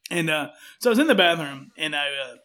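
Bright, high-voiced man rambling. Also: animated, a little fast. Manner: rambling, self-deprecating, acts out quotes. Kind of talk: casual storytelling chat.

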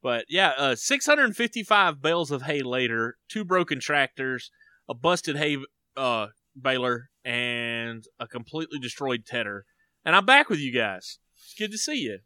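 A man co-hosting a casual sports podcast, chatty and teasing, growing animated when excited. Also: mid-range voice, moderate pace, clear, resonant tone, no room sound. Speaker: podcast co-host.

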